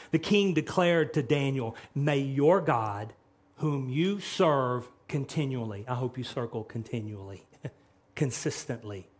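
A man's voice: medium pitch, darkish tone. A man preaching a sermon who retells scripture dramatically and acts out its dialogue. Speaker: pastor.

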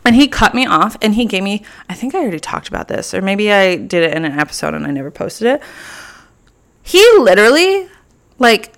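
A woman's voice: fairly low pitch, a bit bright. A young woman hosting her own podcast, chatting casually and playfully petty, with lots of filler words. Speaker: podcast host. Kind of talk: casual solo podcast chat.

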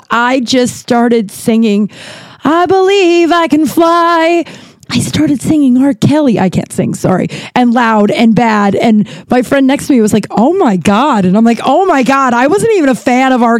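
Young woman just chatting away, lots of likes and swearing, mellow voice, dry mic. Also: a little high, normal speed, no echo. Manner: chatty, rambling, profane, frequent "like" fillers. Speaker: podcast host. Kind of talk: casual storytelling.

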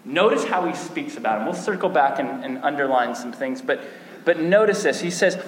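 A man preaching a sermon in an animated way, with repeated restarts and sudden bursts of emphasis. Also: fairly high pitch, brisk. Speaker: pastor. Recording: echoey hall with long reverb.

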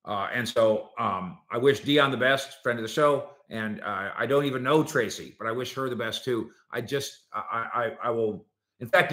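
In an echoey room, a mid-range male voice runs a one-man sports talk show. He's animated and argumentative, speaking straight to his audience.

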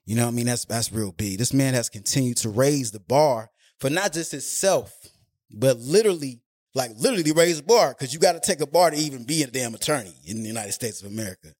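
A man hosts a podcast in easy, slangy conversation and keeps checking in with his listener. His voice sits at a middle pitch. The sound is dry and close, with no room around it. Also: expressive, darkish tone, no room sound. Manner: loose, slangy, drawn-out talk with frequent "you know what I mean". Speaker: podcast host. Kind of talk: casual podcast chat.

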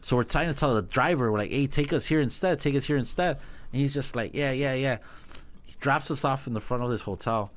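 A man's voice: mid-range voice, fairly quick. A man telling a travel story in casual chat, swearing often and acting out what people said. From Mexican heritage. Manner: profane, animated storytelling with acted-out dialogue. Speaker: podcast guest.

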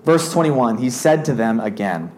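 A man's voice: mid-range voice, animated, normal speed, a little mellow, slight background noise. A man reading a Bible passage aloud and explaining it in a loose, conversational way, like a youth pastor. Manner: reads scripture then explains it in a loose, conversational way. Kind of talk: casual Bible teaching.

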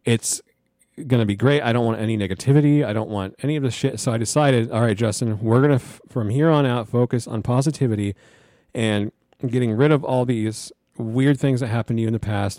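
A young man casually telling a personal story to the camera, animated, swearing and laughing as he goes. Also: medium pitch, a little fast, dry recording, studio quality.

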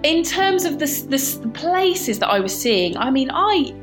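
A woman's voice: high-pitched, very animated, normal speed, over music. A woman from Britain, a guest in an interview, telling stories in a chatty way with many restarts and laughs. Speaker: guest, barefoot runner. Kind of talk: animated storytelling interview.

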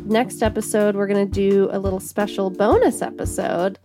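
A woman's voice: mid-range voice, steady tone, normal speed, music in the background. A woman co-hosting a podcast, chatting casually and reflectively about a TV episode. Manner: reflective, talks through ideas with fillers. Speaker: podcast co-host. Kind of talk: casual chat.

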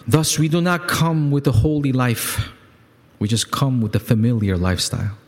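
A male pastor preaching a sermon, emphatic and repetitive, swinging from loud peaks to quiet lows and calling on the congregation to respond. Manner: repeats words for emphasis, asks congregation to respond. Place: church sanctuary. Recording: long hall reverb.

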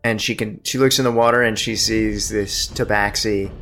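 A man narrating as game master of a tabletop game, describing scenes in a measured way. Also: fairly low pitch, fairly even intonation, fairly bright tone, soft background music.

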